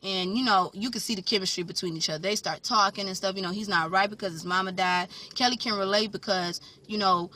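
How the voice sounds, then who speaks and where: A woman recapping a TV episode in casual chat, animated and sassy, talking back to the characters. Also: mid-range voice, fast, few pauses, distant mic. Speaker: TV recap vlogger.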